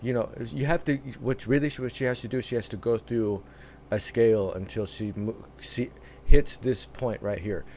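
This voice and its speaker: A man talks over a clip in casual reaction commentary, circling back and restarting his sentences as he thinks aloud. His voice sits at an ordinary middle pitch. A faint noise hangs under the recording. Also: normal speed, a little mellow. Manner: rambling, many restarts and fillers. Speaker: reaction host.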